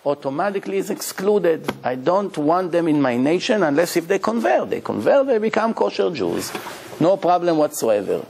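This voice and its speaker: A man giving a religious lecture as a rabbi, emphatic and animated, repeating key phrases as he tells stories. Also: a little high, vocal fry, slight background noise.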